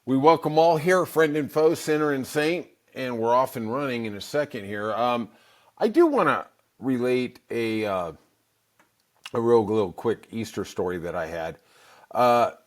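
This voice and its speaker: A middle-aged man hosting a podcast, telling a rambling comic story with wry asides. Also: lowish voice. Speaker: podcast host. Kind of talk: casual comic storytelling monologue.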